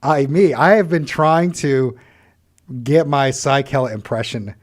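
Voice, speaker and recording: A man co-hosting a live-streamed show, easygoing and quick to laugh, reading out viewer comments. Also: mid-range voice. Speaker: co-host reading chat. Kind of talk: casual live-stream chat.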